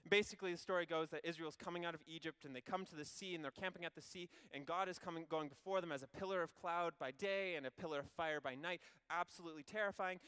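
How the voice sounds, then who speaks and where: Bright, clear-voiced man preaching. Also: on the high side. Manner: animated, conversational storytelling with wry asides. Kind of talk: sermon.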